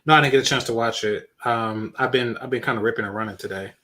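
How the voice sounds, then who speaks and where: A man who is a guest on a casual podcast, talking in a hesitant, halting way with many fillers. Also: mid-range voice, pushed and bright. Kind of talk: casual chat.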